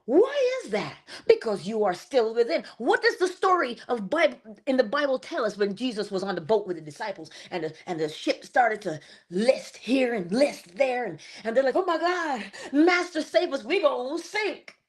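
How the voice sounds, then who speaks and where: A middle-aged woman hosts a morning spiritual livestream from home, talking in an animated, preacher-like way. Her pitch swoops up and down with lots of expression, and she breaks into asides as she goes. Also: moderate pace, few pauses, breathy edge. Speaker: host of a morning inspiration livestream. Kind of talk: spiritual talk and livestream greetings.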